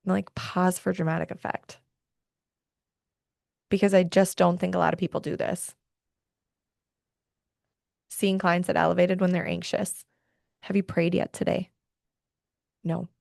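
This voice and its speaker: A woman's voice: fairly low pitch, flat delivery, unhurried, creaky, long pauses, a little mellow, no room sound, studio quality. A woman hosting a faith and wellness podcast, speaking earnestly and with feeling, often worked up about her point. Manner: earnest, heartfelt, gets worked up. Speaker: podcast host. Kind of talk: faith-based wellness talk.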